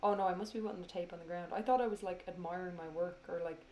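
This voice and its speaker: Narrating her craft video, a worn-out woman talks fast with fairly even intonation and a darkish tone in a slightly low voice. She rambles casually, curses freely, and makes fun of herself, and there's a faint hiss or hum on the recording.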